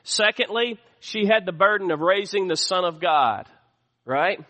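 A man's voice: high-pitched, lively intonation, a little slow, pushed and bright. A man preaching a sermon as pastor, calling out to the congregation for responses as he teaches. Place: church sanctuary. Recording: long hall reverb.

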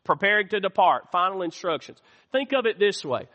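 A man's voice: high voice, big pitch swings, a little fast, pushed and bright, in a large hall, highs cut off. A man preaching a sermon as pastor, calling out to the church and asking for amens. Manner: call-and-response preaching, asks the church for amens. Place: church sanctuary.

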